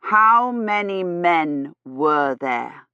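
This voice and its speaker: A woman reading aloud, voicing a young knight who speaks slowly and stresses every word. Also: lowish voice, fairly bright tone, no room sound. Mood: deliberate. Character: earnest young knight, slow and over-distinct. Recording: slightly dull, dry audio.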